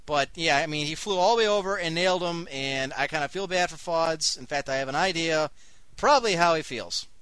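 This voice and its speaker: A man's voice: on the high side, brisk, fairly bright tone, clean tone, no room sound. A man hosting an online radio show, giving live commentary on a strategy game with wry, sarcastic asides. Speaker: host and game caster.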